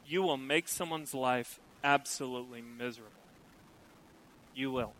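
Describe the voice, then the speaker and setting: A middle-aged man preaching a sermon, lively and acting out the voices he quotes. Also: mid-range voice, normal speed, slight background noise, rough recording. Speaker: pastor.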